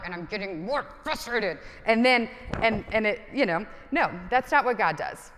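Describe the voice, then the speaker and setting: A woman's voice: mid-range voice, animated, moderate pace, hardly any pauses, fairly bright tone, slight background noise. Woman pastor in her 30s preaching, chatty and self-deprecating, long church reverb. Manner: conversational, self-deprecating humor. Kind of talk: sermon.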